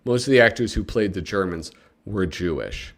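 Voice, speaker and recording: Lively, joking male live-stream host. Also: sits low, moderate pace. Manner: animated and joking, with sudden excited yelps; talks to chat viewers. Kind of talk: casual live-stream chat reading a comic magazine aloud.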